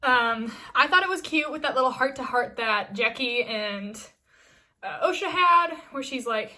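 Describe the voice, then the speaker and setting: A woman's voice: high voice, expressive, unhurried, pushed and bright. A woman casually recapping a TV episode in a chatty vlog, full of fillers and restarts. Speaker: TV episode reviewer.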